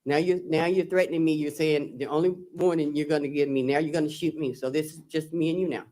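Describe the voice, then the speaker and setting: A man's voice: fairly high pitch, fairly even intonation, fast talker, a little mellow. A man testifying as a trial witness, recounting text messages and quoting what was said. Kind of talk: courtroom testimony.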